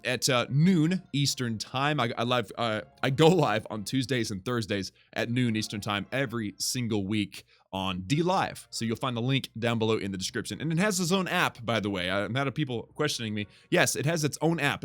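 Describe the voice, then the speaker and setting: A young man talks through his gameplay in a casual, excitable way, his pitch swinging widely and jumping high when something goes well. Faint music plays beneath his voice. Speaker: gaming YouTuber.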